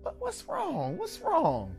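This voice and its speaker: A man in a spoken-word poem voicing a calm, motherly middle-aged woman working at an airline counter, gently chiding. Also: very high-pitched, takes it slowly, vocal fry, soft background music, pitched above the performer's own voice, exaggerated voice.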